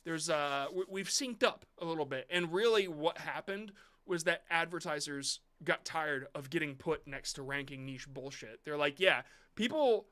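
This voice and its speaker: A man's voice: on the high side, normal speed, sharp tone. A man hosting a live stream, reviewing viewer shorts in blunt, rambling casual talk with some swearing.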